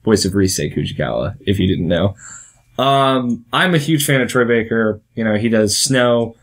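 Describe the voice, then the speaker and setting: A man's voice: on the low side, animated, normal speed. A young American man hosting a casual talk vlog, rambling and interrupting himself with little laughs. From United States. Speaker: vlog host.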